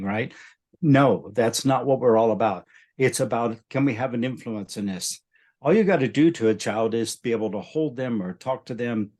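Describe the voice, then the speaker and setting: An older man in relaxed conversation who slips into storytelling. He acts out the people in his anecdotes. His voice sits at an ordinary middle pitch. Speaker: spiritual teacher.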